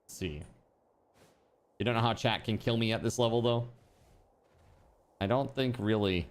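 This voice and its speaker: A male streamer with a fairly low voice chats easily with his viewers as he plays. His talk is loose and relaxed, full of small asides and frequent laughs. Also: moderate pace, pauses often, smooth. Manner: chatty and easygoing, laughs often, talks to chat. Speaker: game streamer. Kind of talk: casual live-stream chat while gaming.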